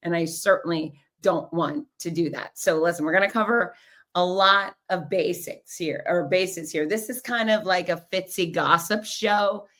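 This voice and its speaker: Husky, hoarse woman podcast host. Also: on the low side, moderate pace, fairly bright tone. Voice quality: husky, raspy. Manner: bubbly, laughs often, rambling asides. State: hoarse after race announcing. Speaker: podcast host and race announcer. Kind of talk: casual chatty monologue.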